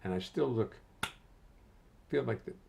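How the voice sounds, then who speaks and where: A man's voice: mid-range voice, unhurried, creaky, heavy background noise. An older man casually hosting a livestream from his home studio, greeting viewers by name and muttering to himself as he adjusts settings.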